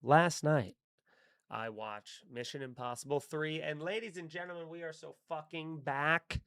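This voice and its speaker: A man hosting a live stream, chatting casually and excitably with his viewers and swearing freely. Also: a little high, a little slow, clear, resonant tone, dry recording, studio quality.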